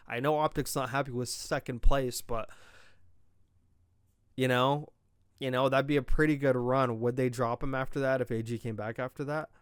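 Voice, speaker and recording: Rambling young man with a smooth, clear voice. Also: medium pitch, dry recording, clean studio sound. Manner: rambling, opinionated, self-interrupting. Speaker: podcast host. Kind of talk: casual solo esports commentary.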